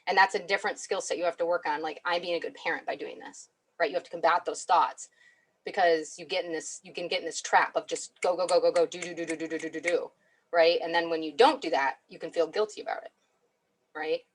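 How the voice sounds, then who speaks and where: A woman's voice: fairly low pitch, fairly even intonation, a little fast, husky. A woman giving a chatty webinar talk as a clinical psychologist, often asking "right?". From United States. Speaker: clinical psychologist guest speaker.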